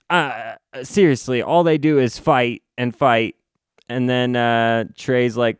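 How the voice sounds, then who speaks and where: A man talks through a comic book plot in a casual, unhurried way, stumbling and restarting as he goes. His voice is smooth and clear, recorded close and dry. He drops sarcastic asides along the way. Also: medium pitch, steady tone, no room sound. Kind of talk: casual recap.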